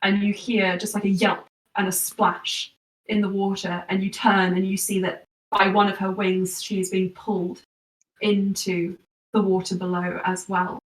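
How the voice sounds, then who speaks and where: A woman's voice: medium pitch, level tone, unhurried. Woman running a tabletop game, talks kinda far from the mic, roomy echo, lots of "kind of, like". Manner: descriptive, filler-heavy narration. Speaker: game master. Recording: echoey room, voice from off-mic.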